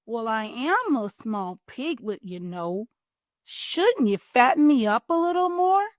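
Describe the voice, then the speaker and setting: A woman voicing a small, frightened male piglet who pleads slyly, in a high squealing voice. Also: sing-song, slow, no echo, clean studio sound. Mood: wheedling.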